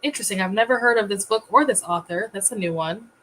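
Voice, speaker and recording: A woman hosting a casual livestream, chatty and quick to laugh as she greets viewers. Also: mid-range voice, a bit bright, slight background noise, low-quality recording. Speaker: livestream host.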